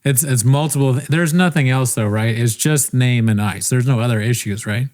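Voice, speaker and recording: A man co-hosting a podcast, soft-spoken and quiet, joking and teasing his co-host. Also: medium pitch, normal speed. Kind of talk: casual podcast chat.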